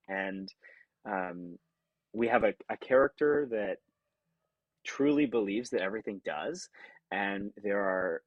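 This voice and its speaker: A man from California, an actor talking as a podcast guest in an earnest, reflective way, acting out remembered thoughts with sudden jumps in pitch. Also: no room sound, low-quality recording. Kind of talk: conversational interview.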